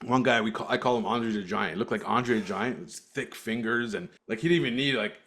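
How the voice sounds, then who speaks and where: A man's voice: fairly low pitch, fairly quick, fairly bright tone. Guy from cyprus on a podcast, rambling story, laughs a lot, casual. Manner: storytelling, laughs often, restarts. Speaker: podcast co-host. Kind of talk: casual chat.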